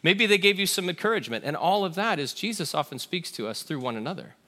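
A male pastor delivers a sermon in an earnest, conversational way. His voice sits a little high and sounds bright and forceful, and he swings from raised emphatic lines to quiet, hushed ones. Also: very animated, fast. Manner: earnest, shifts between raised emphasis and soft hushed tones.

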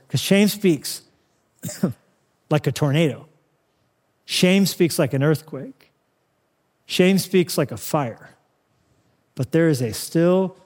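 A man preaching a fervent sermon as pastor. He repeats phrases for emphasis and swings from loud to hushed. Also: a little high, in a large hall. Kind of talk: impassioned sermon.

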